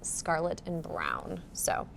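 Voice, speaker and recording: Woman librarian co-host, relaxed and chatty, recommends books casually, faint background noise. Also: sits low, slow, vocal fry. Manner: relaxed, lots of "like" and "you know" fillers. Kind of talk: casual chat about books. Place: public library.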